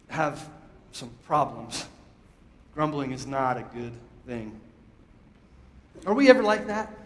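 A man preaching a sermon as a pastor, emphatic and conversational, leading his congregation in call-and-response. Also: a little high. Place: church sanctuary. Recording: echoey hall, long reverb.

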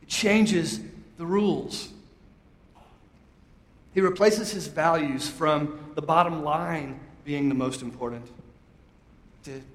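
Taking it slowly and pausing often, a man with a voice on the high side preaches as a pastor in a church sanctuary. He is emphatic and conversational, leading the congregation in call-and-response, recorded in an echoey hall with long reverb.

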